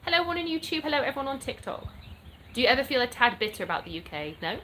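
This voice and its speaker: A woman's voice: high voice, sing-song, very fast, bright, forceful tone, a little hiss or hum. An English woman hosting a casual livestream, chatting upbeat and greeting viewers by name. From England. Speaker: livestream host. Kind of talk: casual live-stream chat reading comments. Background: birdsong.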